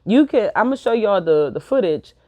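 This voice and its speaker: A woman around thirty speaks into a close, dry mic with no room sound. Her voice sits at an ordinary pitch for a woman. She talks bluntly, curses often and acts out both sides of each exchange in a casual vlog. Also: expressive, normal speed, dark tone, dry recording. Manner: blunt, profane, acts out quoted dialogue. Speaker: vlogger.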